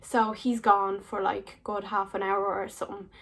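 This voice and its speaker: A woman's voice: medium pitch, flat delivery, normal speed, creaky, a bit bright. Chatty young woman telling stories. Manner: chatty, many "like" fillers, laughs often. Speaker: vlogger. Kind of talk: casual storytelling.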